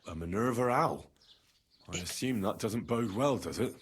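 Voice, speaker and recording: A husky, shrewd young healer. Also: male voice, on the low side, moderate pace. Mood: calm. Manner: calm, persuasive, shrewd. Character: young man bargaining as a village healer.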